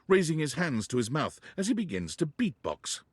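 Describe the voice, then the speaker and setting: A man reading scripted game narration in a measured, descriptive way. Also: on the high side, sing-song, husky, no echo, studio quality.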